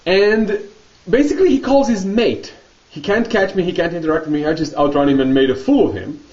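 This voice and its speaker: A man vlogging, telling a story in a casual, animated monologue and laughing often. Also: high-pitched, brisk, recorded from a distance, lo-fi sound.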